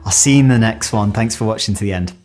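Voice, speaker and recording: Young British man, low-pitched, chatty vlog talk, lively delivery, casual filler words. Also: fast talker, faint music behind. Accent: British English. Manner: chatty, animated, lots of "like" fillers. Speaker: vlogger.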